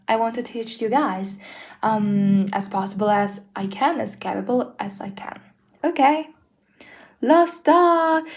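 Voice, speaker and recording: A young woman whose first language is Mongolian talks through a beginner lesson at an unhurried, halting pace. She is hesitant and apologetic and fills her pauses with ums. Her voice sits at an ordinary middle pitch. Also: a little mellow. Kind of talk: casual self-made lesson.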